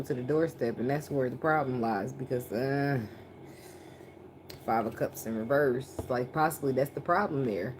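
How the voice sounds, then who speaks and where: A woman's voice: rumbling low, noisy background. A woman doing a casual tarot reading, talking bluntly with plenty of swearing and frequent laughter. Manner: blunt, profane, laughs often. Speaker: tarot reader.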